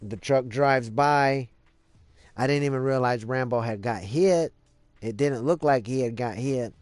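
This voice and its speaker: A man's voice: mid-range voice, unhurried, a little mellow, no room sound. A man live streaming, telling a story in a rambling casual way, cursing freely and leaning on lots of fillers. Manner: rambling, profane, many fillers.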